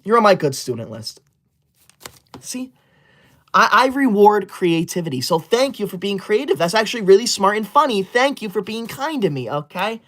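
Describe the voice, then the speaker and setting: Fussy streamer reading super chats, gets offended and bans ppl, mid pitch, prim school-loving bit. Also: big pitch swings, moderate pace, fairly bright tone. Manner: indignant, scolding and easily offended. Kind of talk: comedic livestream, reading and answering super chats.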